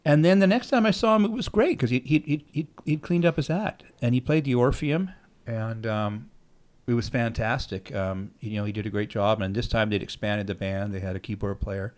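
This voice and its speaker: A middle-aged man tells stories on his podcast in a relaxed, casual way. His voice sits at an ordinary middle pitch, and he swears freely. He acts out the dialogue of the people in his stories with lively energy. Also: moderate pace. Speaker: musician telling stories on his own podcast. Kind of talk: casual storytelling.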